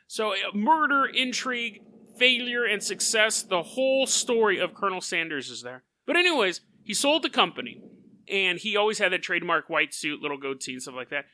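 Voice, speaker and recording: A man hosting a casual storytelling podcast in an animated way, often laughing mid-sentence. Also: high-pitched, brisk, dry recording. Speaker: podcast host.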